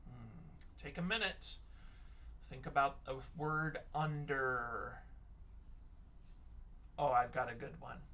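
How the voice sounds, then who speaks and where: Male teacher, young adult, recorded kids' reading lesson; unhurried, sounds words out letter by letter. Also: mid-range voice, pushed and bright.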